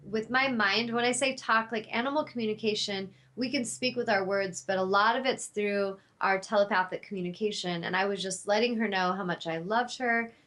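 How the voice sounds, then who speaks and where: A woman's voice: mid-range voice, moderate pace, few pauses, fairly bright tone. Host, woman: heartfelt spiritual storyteller, mid-range voice, loose and rambling. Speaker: talk show host. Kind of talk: personal storytelling monologue.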